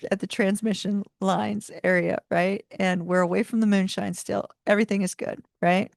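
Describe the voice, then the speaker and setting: Gravelly-voiced woman telling a story. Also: medium pitch, normal speed, dry recording, studio quality. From United States. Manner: chatty, animated storyteller with frequent asides. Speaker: tarot channel host. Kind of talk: casual livestream storytelling.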